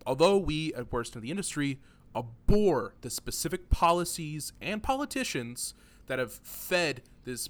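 A man's voice: medium pitch, fairly bright tone. Joking man hosting a podcast. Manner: joking, rambling, laughs often. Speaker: podcast host. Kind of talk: casual podcast chat.

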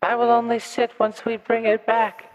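A man voicing a tiny, pompous demon child lord who speaks in slow, grand commands. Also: very high-pitched, completely flat delivery, big-room sound, faint music behind, rough recording. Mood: grandiose.

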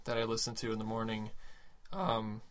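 A man's voice: on the low side, normal speed. A man hosting a casual chat, telling stories animatedly and acting out the people in them. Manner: animated storyteller who acts out quoted voices. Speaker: podcast host.

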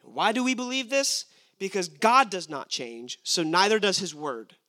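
A man's voice: high voice, animated, measured pace, bright, forceful tone. A young man preaching a sermon, emphatic and asking his listeners rhetorical questions.

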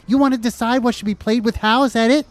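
A man's voice: high voice, animated, moderate pace. Man doing a stammering wiseguy, indignant, ranting, comedy sketch. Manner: stammering, then loud and indignant. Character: flustered, then ranting, squabbling tough guy.

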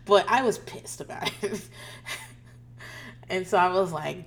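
A woman's voice: on the low side, moderate pace, long pauses. A woman, a mother, casually telling family stories, laughing often, swearing, and acting out quoted voices. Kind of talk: casual storytelling monologue.

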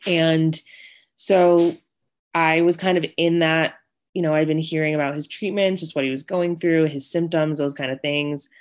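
A woman's voice: low-pitched, fairly even intonation, moderate pace. A young woman from Connecticut and Virginia, a guest in an interview, telling her story casually with many fillers and acted-out quotes. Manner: chatty, many fillers, acts out quoted voices.

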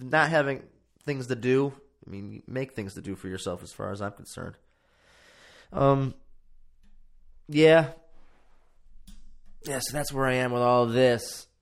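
A man hosting a casual solo podcast from his home podcast room, rambling and swearing freely and poking fun at himself. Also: mid-range voice. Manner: rambling, profane, self-mocking. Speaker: podcast host.

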